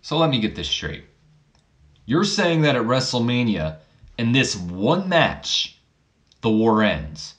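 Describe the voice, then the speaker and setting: A man's voice: medium pitch, big pitch swings, takes it slowly, pauses often, a bit bright. A man doing a cocky young heir. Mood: defiant. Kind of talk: acted dialogue in a wrestling game playthrough.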